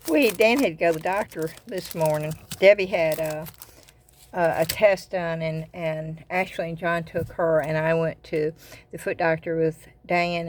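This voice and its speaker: Older Southern woman for a casual craft vlog; chatty and rambling, slightly low-pitched. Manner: chatty, rambling, repeats words. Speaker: craft vlogger. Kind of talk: casual chat.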